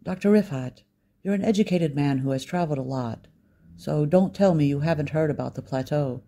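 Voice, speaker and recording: A man reading the lines of a blunt, impatient local man, with a gravelly, mellow voice. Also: a little high, a little fast, natural voice.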